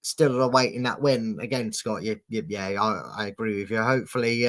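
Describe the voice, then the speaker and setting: A man's voice: medium pitch, lively intonation, brisk, few pauses. A man hosting a casual football prediction show, chatty and teasing as he reads out viewer predictions. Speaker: host.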